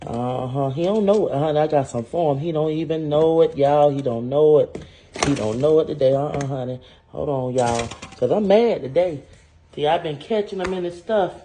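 A man's voice: a little high, normal speed, dark tone, a little hiss or hum, close to an everyday voice. A man playing a scorned, vengeful wife who talks sassily to viewers in a comedy cooking skit. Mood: vengeful, sassy. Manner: sassy, talks straight to viewers with "y'all" and "honey".

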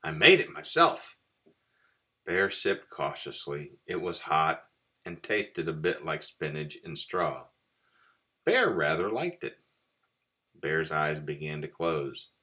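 A man, a pastor, reading a story aloud to children with expressive storytelling. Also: a bass voice, takes it slowly.

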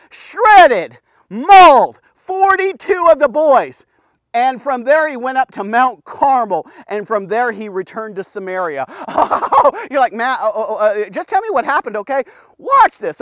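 A man giving a casual, energetic men's devotional, talking to the listener in punchy bursts and often checking in with "okay?". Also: extremely high pitch. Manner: punchy, keeps asking "okay?", bursts of loud exclamations. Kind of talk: casual energetic Bible teaching.

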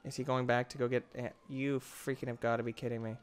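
Young guy doing excitable game commentary, mid-pitch voice, lots of mock drama and trash talk. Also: fast, clean tone. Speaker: gaming video host. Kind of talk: casual gameplay commentary.

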